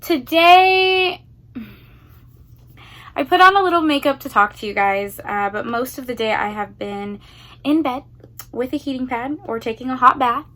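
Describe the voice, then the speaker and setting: A woman's voice: high voice, animated, moderate pace, long pauses, fairly bright tone. A young woman chatting casually and at length as a book vlogger, sitting on the floor at home. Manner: chatty, rambling. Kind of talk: casual vlog chat.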